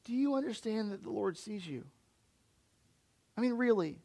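High-voiced male preacher. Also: animated, moderate pace, gravelly, warm tone. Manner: conversational, questioning the congregation directly. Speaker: pastor. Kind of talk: sermon. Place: church.

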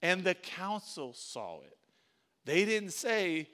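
A middle-aged man preaching a sermon as pastor. He moves from quiet storytelling to loud, animated preaching and calls on the congregation. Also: high voice, slow. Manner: calls on the congregation, uses "y'all".

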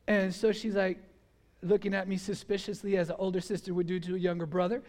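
Middle-aged guy preaching, high voice, chatty storytelling w lots of "you know". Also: fairly quick. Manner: animated, acts out his own and others' voices in the story; conversational, frequent fillers like "you know" and "like". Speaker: pastor. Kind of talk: sermon with personal storytelling.

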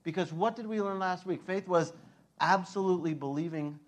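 A male pastor delivers a sermon in a loose, chatty manner, stumbling through "like" and "uh" as he goes. His voice sits a little high for a man, and he gets animated when he acts out scenes, with frequent laughter. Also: normal speed. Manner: casual, conversational, many fillers like "like" and "uh".

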